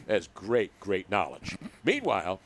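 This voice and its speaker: A man's voice: low voice, wildly swooping pitch, measured pace. Jokey male talk show host. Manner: jokey, teasing, mock hockey play-by-play bursts. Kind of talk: casual sports chat.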